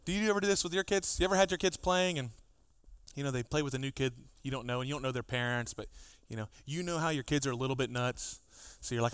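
A man, a pastor, preaching a sermon, animated and acting out exchanges with his children. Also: mid-range voice, fast talker, clear, resonant tone, dry recording. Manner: animated, acts out dialogue with his kids.

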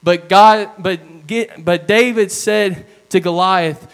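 A man's voice: high voice, takes it slowly, few pauses, fairly bright tone. A man preaching a sermon, retelling stories in an earnest, storytelling way.

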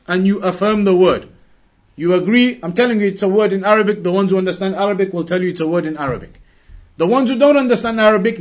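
A man teaching a religious class, questioning his listeners and slowly repeating key words for emphasis. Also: high-pitched, a bit bright. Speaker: Islamic teacher.

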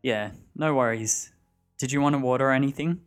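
A man voicing a nervous young man who stumbles over his words while hiding dark intent. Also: medium pitch, a little fast, faint music behind, natural voice. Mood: offhand.

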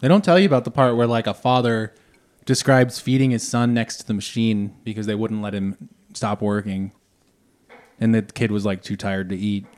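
A man's voice: lowish voice, fairly even intonation, moderate pace, a little mellow. A man co-hosting a comedy podcast, talking in a rambling, casual way with lots of fillers. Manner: rambling, full of fillers and laughs. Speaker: podcast co-host.

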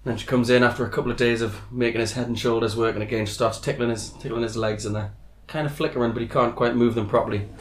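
A man of middle pitch tells jokes in a casual chat, animated and quick to laugh at his own punchlines. His voice rings around an echoey room. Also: a little hiss or hum. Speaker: podcast co-host.

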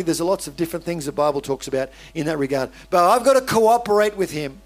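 A man's voice: a little high, quick pace, hardly any pauses. A man with an Australian accent, a pastor preaching a sermon in a conversational way, with restarts and asides to the congregation.

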